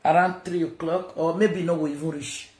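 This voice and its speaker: Loud ranting Nigerian woman. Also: low voice, steady tone, moderate pace, reverberant. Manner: loud, confrontational, mixes in Pidgin. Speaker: social media personality. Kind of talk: livestream rant.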